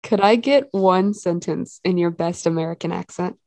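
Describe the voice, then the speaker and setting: A podcast host on a video call, with a fairly low voice. She is bubbly and giggly, and the sound is dry and close. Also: normal speed, creaky, a little mellow, no echo. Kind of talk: casual video call chat.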